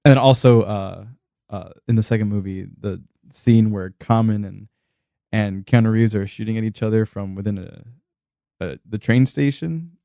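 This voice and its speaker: Gravelly low-voiced man, halting chat. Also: mellow, no room sound, studio quality. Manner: halting, many fillers and restarts. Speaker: podcast co-host. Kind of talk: casual movie chat.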